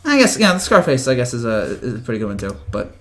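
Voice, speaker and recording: A man's voice: mid-range voice, huge pitch swings, quick pace. A man hosting a casual live chat from home, answering viewer comments in a rambling way, with frequent restarts and chuckles, and keeping his voice down. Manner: talks quietly to avoid waking family. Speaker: host.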